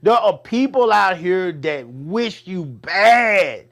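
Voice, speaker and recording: Excitable man, high voice. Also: takes it slowly. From Texas. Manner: animated, repeats words when fired up. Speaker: podcast co-host. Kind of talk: casual chat.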